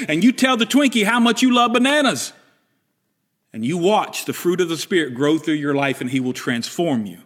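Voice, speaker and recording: Male pastor with a high voice, preaching with lively emphasis. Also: a little fast. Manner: animated, emphatic preaching with acted-out inner dialogue. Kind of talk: sermon.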